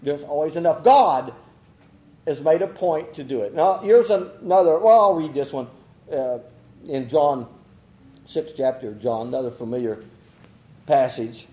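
A man's voice: fairly high pitch, moderate pace, pauses often, dark tone, reverberant, rough recording. A man preaching a folksy, rambling sermon, chuckling and acting out quotes as he goes.

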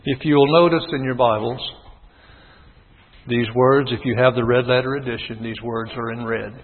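A man preaching a sermon in a husky voice, swinging between low measured reading and loud impassioned calls. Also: steady tone. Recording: tinny phone-like sound with long hall reverb.

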